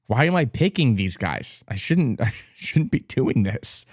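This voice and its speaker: A man's voice: mid-range voice, sing-song, measured pace, husky, no echo, clean studio sound. A young man from Texas, an ex-swimmer, casually reacting and teasing as he reads out numbers, with frequent exclamations and laughter. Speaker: vlogger and former competitive swimmer. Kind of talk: casual commentary, reacting on screen.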